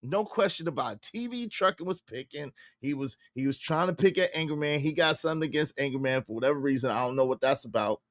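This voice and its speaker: An animated man hosts a livestream from inside his car, his voice high-pitched. He talks loosely and repeats himself as he shouts out viewers. The recording is dry and close. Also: fast talker, hardly any pauses, no echo. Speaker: livestream host. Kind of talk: casual livestream commentary.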